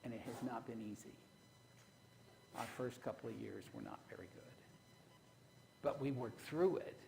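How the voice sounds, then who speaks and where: A man's voice: medium pitch, moderate pace, creaky, noisy background. A man preaching a sermon, telling folksy stories from his own marriage and putting rhetorical questions to the congregation. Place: church.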